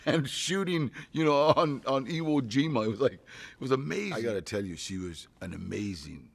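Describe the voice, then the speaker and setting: Gravelly-voiced man in a casual interview. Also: medium pitch, lively intonation, normal speed. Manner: rambling, storytelling, with frequent "you know" and chuckles. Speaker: actor promoting a film.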